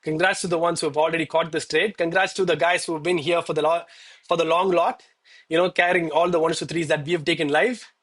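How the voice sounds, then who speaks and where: A young man streaming live from home on a headset mic, hyped and out of breath after exercise, talking excitedly to his chat. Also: on the high side, fast. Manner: hyped, exclaiming, addresses chat as bro.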